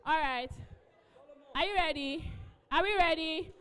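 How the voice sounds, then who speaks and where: Woman event host, high bright voice, keeps coaxing everyone, long hall echo. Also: measured pace. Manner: coaxing, repeats pleas. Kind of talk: live event emcee announcements.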